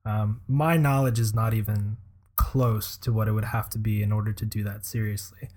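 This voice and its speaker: A man's voice: lowish voice, fairly even intonation, moderate pace, darkish tone. A young man co-hosting a podcast in casual chat, hesitant and full of "uh"s, often laughing. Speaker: podcast co-host.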